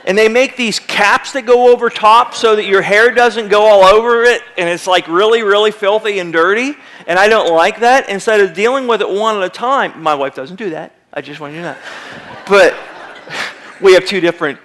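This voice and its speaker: A man's voice: high-pitched, normal speed, fairly bright tone. A male pastor preaching a sermon to his church in a conversational way, acting out short quoted voices now and then. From United States. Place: church sanctuary.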